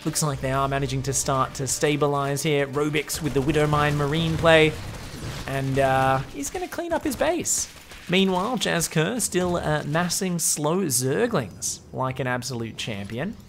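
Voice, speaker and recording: A man's voice: on the high side, unhurried, faint music behind. Profane, sarcastic male game commentator.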